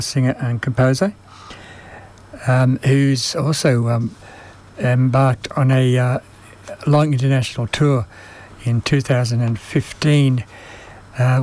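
A man hosts a music radio show in a mid-pitched voice, stopping often to search for words. His voice is fading and slightly strained, as if he is losing it. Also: a little mellow. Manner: halting, many ums and uhs. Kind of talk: unscripted radio presenting.

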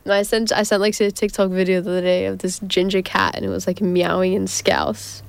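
Her delivery here is flat, brisk, and creaky at a medium pitch, and the recording is dry. The young adult host still chats and rambles on her casual community radio show in the studio, giggling and saying um often.

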